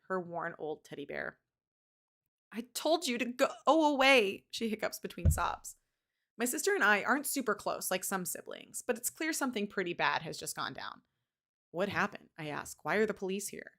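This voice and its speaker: A woman's voice: fairly low pitch, a bit bright. A woman reading a novel aloud on a live stream, chatting back to the chat between passages. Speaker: book reader on a live stream.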